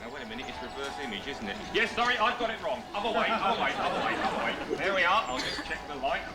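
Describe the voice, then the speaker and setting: A fussy chirpy wedding photographer. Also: male voice, fairly high pitch, very animated, fast talker, roomy sound, loud music behind the voice. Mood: bossy. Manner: fussy, chirpy, correcting himself.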